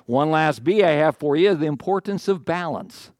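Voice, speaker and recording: A man's voice: a little high, expressive, normal speed, a little mellow, no room sound, studio quality. A middle-aged man preaching a sermon to his congregation in a conversational way, with asides, jokes at his own expense and questions to the room. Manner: conversational, self-deprecating humor, rhetorical questions to congregation. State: out of breath. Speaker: pastor.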